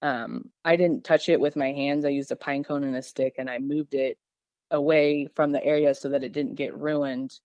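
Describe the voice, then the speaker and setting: A woman's voice: low-pitched, fairly even intonation, normal speed, darkish tone, no echo, lo-fi sound. A woman from Missouri, a podcast guest, telling her encounter in a casual, rambling way with many fillers and restarts. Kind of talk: casual storytelling.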